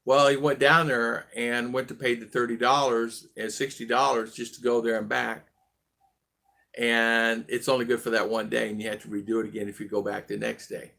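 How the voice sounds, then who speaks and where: A man's voice: mid-range voice, level tone, normal speed, creaky, pushed and bright. A man hosting a casual live video chat, greeting viewers one by one and rambling through stories with many fillers and restarts. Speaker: livestream vlog host.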